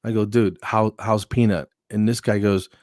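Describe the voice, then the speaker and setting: Man, comedian guest, lively anecdotes, voices the people in his stories, dry sound. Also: fairly low pitch, normal speed, no echo. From New Jersey. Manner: animated anecdotes with acted-out quotes. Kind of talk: casual storytelling chat.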